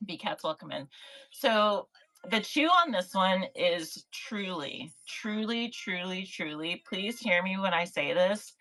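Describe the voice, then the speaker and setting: Bright-voiced woman hosting a live chat. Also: medium pitch, expressive, slow, rough recording. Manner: chatty, encouraging, reads chat names aloud. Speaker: livestream host for sellers.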